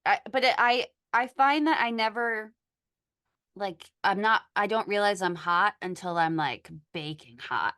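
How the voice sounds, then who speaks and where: A woman hosting a podcast, chatting casually in a relaxed, halting way with frequent restarts. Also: mid-range voice, clean tone. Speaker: podcast host. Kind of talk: casual conversation.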